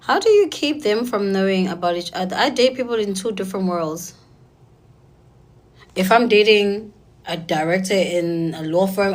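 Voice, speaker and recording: A woman's voice: on the low side, darkish tone, poor audio. Blunt, sassy woman talking to a crowd. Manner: blunt, sassy, rapid-fire. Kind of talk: casual talk to an audience.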